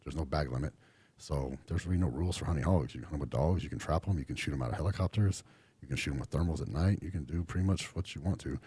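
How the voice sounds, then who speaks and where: A man's voice: rumbling low, fast talker, dark tone, slightly rough, no room sound. A middle-aged man from Texas, a podcast guest talking casually with a laid-back drawl and lots of fillers. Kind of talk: casual interview chat.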